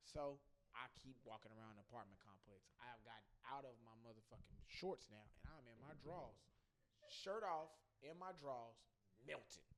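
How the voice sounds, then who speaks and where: A young man co-hosting a podcast, telling stories in a profane, animated way with acted-out quotes. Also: mid-range voice, normal speed. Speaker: podcast co-host. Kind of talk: casual storytelling chat.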